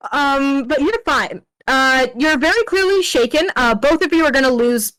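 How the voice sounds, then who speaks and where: A woman's voice: sits high, animated, normal speed, a bit bright, no echo. A woman game master running a tabletop horror game over a voice call, chatty and laughing easily.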